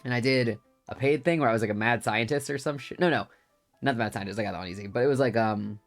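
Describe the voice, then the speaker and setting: A man's voice: mid-range voice, fast, soft background music. A man streaming a game, chatting casually about voice work in a rambling, laughing way with many fillers. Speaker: streamer and voice actor.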